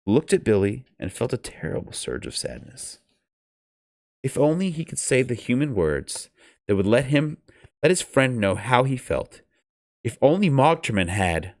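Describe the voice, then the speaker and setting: Man, low gravelly voice, animated pitch swings, casual joking reader, swears freely. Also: unhurried, dry recording, clean studio sound. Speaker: streamer reading novelizations aloud. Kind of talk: storybook reading and casual chat.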